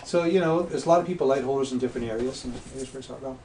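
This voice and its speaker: A man's voice: medium pitch, rapid-fire, darkish tone. A man as a talk-show guest, telling anecdotes in casual chat and acting out the voices of people he quotes. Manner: anecdotal storyteller who acts out quoted voices. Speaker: guest, past life regression practitioner. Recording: echoey room, distant mic, faint noise.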